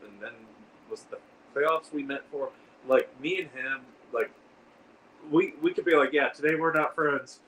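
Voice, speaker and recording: A man's voice: medium pitch, a bit bright. A man hosting a casual livestream, rambling and answering viewer comments as he reads them out. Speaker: livestream host. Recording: distant mic with faint background noise.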